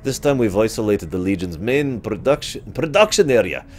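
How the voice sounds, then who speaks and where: A blunt dwarf officer barks orders in a thick put-on brogue, as a man reads him aloud. His voice sits low but swings widely. Faint game music plays underneath. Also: animated, normal speed, natural voice. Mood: briskly commanding. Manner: put-on dwarf accent, gruff and commanding. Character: gruff dwarf wing commander, brisk and blunt.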